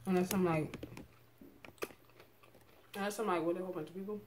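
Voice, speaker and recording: A woman's voice: lowish voice, fairly even intonation, brisk, a little mellow, slight background noise. A young woman, chatting casually to her viewers while eating, sometimes with her mouth full. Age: young adult. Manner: chatty, laid-back, talks with mouth full. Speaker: vlogger. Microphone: camera set up in front of her.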